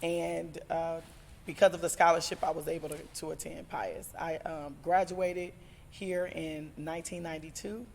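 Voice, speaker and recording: A woman in her forties giving a heartfelt personal testimony as a former student, halting with fillers and growing emotional. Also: low voice, little pitch movement, gravelly, a little mellow, a little hiss or hum. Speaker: alumna speaker. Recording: reverberant hall, music underneath.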